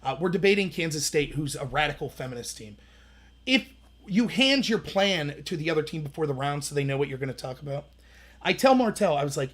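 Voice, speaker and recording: A man in his thirties hosting a livestream, telling animated stories in casual commentary and acting out the voices he quotes. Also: fairly high pitch, brisk. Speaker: livestream host.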